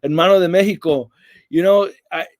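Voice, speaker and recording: This is an American man hosting a casual livestream, talking loosely and rambling through viewer comments. His voice sits a bit higher than most men's. The sound is dry and close, with no room echo. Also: a little fast. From United States. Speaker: livestream host.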